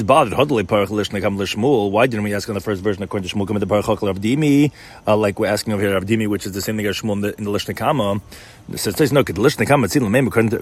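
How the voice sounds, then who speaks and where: A man's voice: fairly low pitch, slightly rough. A man explaining a Talmud passage in class, reading out terms and translating them, often repeating words as he goes. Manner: rapid, mixes Hebrew-Aramaic terms with English, frequent repeated words. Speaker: Talmud teacher.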